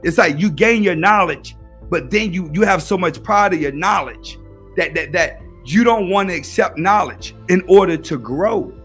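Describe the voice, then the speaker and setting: A man's voice: high voice, lively intonation, normal speed, a bit bright, breathy edge, soft background music. A young man in a casual, preachy monologue, giving advice and repeating his points. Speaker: YouTube commentator.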